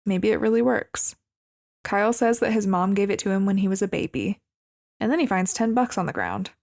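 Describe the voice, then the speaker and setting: A woman co-hosting a movie podcast, walking through the story in casual chat. Her voice is mid-pitched with a steady gravelly fry. She adds wry, amused remarks about how odd the plot is. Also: a little fast. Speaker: podcast co-host.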